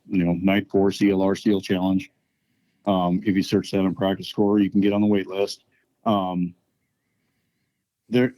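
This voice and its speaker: A man who organizes a shooting match, explaining things in a relaxed way in a casual podcast interview, often pausing with "um". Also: fairly low pitch, no room sound, rough recording. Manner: relaxed, explaining at length with many ums.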